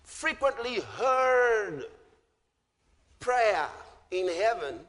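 A man preaching a sermon with fervour, often shouting and drawing out his words. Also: high voice, big pitch swings, drawn-out words. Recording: hall reverb.

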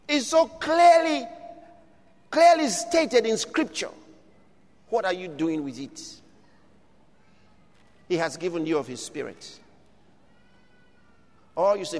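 A man preaching with a high, swooping voice that rises and falls freely. He presses his congregation with repeated questions, and his words ring out in the long reverb of a large hall. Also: sing-song, takes it slowly, long pauses. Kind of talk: sermon.

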